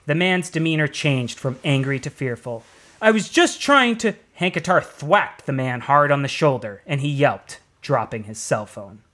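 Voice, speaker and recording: A man narrating a story in a plain, even storytelling delivery. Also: medium pitch.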